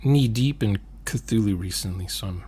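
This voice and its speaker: A man co-hosting a stream who talks slowly and rambles in casual chat. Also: lowish voice, warm tone, slightly rough. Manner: slow, rambling talker. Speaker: stream co-host.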